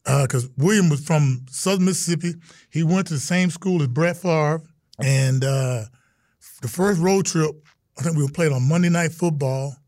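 A middle-aged man, a guest in an interview, telling stories in a lively way and acting out the quotes. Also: fairly high pitch, moderate pace, dry recording, studio quality. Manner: animated storyteller, acts out quotes, exclamations. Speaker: interview guest, retired football player. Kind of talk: casual interview storytelling.

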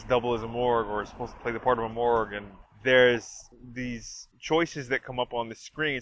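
A man's voice: medium pitch, a bit bright. A man casually reviewing a trailer as a wrestling fan, talking loosely with lots of filler words. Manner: rambling, heavy use of fillers like "like" and "you know". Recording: dull lo-fi sound.

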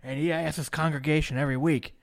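A man's voice: fairly high pitch, fairly even intonation, quick pace, vocal fry. A man hosting a casual chat, recapping a show in a jokey way and slipping into mock voices to quote people. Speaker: podcast host.

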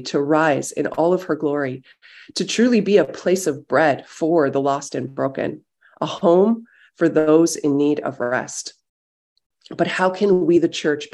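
A pastor on a call, gently leading a time of silent prayer and then reading a Bible chapter aloud. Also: medium pitch. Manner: gentle, slow, reflective. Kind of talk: sermon with guided silent prayer and scripture reading. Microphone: video call.

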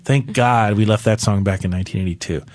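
A man's voice: on the low side, quick pace, no echo, studio quality. A man hosting a casual podcast, bantering and joking with his co-host. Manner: jokey, animated banter with laughs. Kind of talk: casual chat.

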